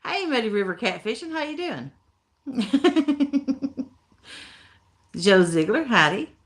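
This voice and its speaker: Woman, Appalachian accent, live-stream host, folksy, laughs a lot, slow, lively pitch. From Tennessee, USA. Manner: laughs often, folksy talk. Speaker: livestream host reading chat. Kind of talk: casual live-stream chat.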